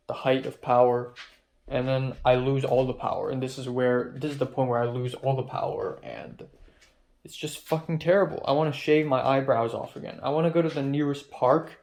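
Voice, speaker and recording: A man's voice: medium pitch, a little mellow. A young man venting in an agitated, profane video diary, recorded indoors at his apartment. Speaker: vlogger.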